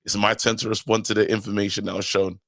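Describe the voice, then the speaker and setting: A man's voice: lowish voice, little pitch movement, quick pace, a bit bright, no echo, clean studio sound. A man co-hosting a football podcast, arguing heatedly and talking over the others. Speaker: podcast co-host. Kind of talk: casual football podcast debate.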